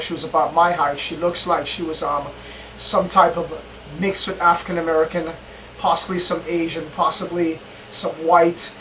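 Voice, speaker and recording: Man, high-pitched, casual first-person account, repeats himself, faint noise behind. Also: little pitch movement, moderate pace, bright, forceful tone, low-quality recording. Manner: rambling, repeats himself, earnest. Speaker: experiencer recounting encounters.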